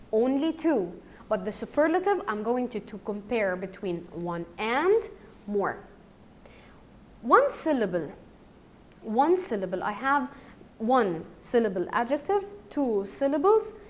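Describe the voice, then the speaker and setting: Egyptian woman, primary English teacher; slow, drilling delivery, lively rising and falling pitch. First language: Arabic. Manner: slow, repeats words for drilling. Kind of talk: recorded grammar lesson.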